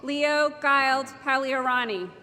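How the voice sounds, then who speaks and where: Woman with a high voice calling grad names real slow, big echoey hall, crowd noise all around. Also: pushed and bright. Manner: slow, measured name-by-name announcing. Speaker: commencement name reader. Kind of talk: reading graduates' names at a ceremony. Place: large ceremony hall.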